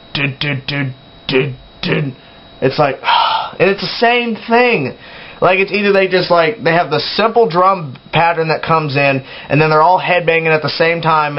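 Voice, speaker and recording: A young man hosting a casual opinion vlog, talking in an animated, exasperated way with sighs and mock yells. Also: a little high, dull audio. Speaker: metal video blogger.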